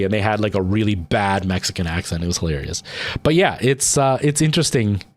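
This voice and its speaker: A man in his thirties with a Canadian accent, chatting casually and rambling to his livestream viewers, with lots of ums and restarts. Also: medium pitch. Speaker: streamer.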